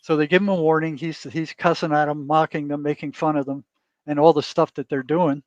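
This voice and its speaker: A man's voice: fairly high pitch, level tone, brisk, no room sound. A man guest, a therapist, telling a story in casual interview talk and often adding "you know" and "right?". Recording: dull lo-fi dry sound.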